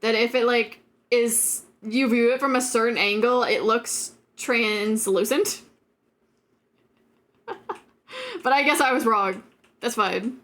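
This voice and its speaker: A high-pitched woman chatting on her live stream, unhurried in her delivery. She rambles, giggles often and leans on filler words as she reacts to chat. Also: fairly bright tone, slight background noise.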